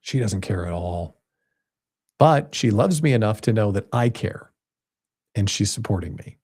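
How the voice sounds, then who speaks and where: A man in his fifties hosting a podcast, telling a personal story in a casual, animated way and jumping higher in pitch when he gets excited. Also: unhurried, breathy edge. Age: 50s. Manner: animated storytelling, jumps high when quoting himself excitedly. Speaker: podcast host. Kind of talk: casual monologue.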